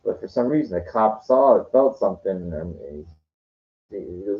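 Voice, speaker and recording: A male vlogger rambles through stories in an easygoing monologue, sometimes swearing. His lowish voice is expressive and moves at a moderate pace, and the lo-fi audio sounds dull.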